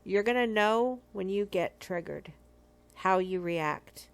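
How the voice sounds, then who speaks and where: A middle-aged woman speaks in an earnest, emphatic way, teaching from her own story for a marriage ministry. Her mid-pitched voice carries a steady gravelly fry, and she leans on repeated phrases to drive each point home. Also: slow. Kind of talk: personal testimony teaching.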